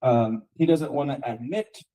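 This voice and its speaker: An American man lecturing students in a loose, conversational way. His voice is mellow and warm. He keeps asking rhetorical questions and checks in with "okay" and "right". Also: mid-range voice, unhurried, poor audio. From United States. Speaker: guest lecturer. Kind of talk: university lecture. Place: lecture room.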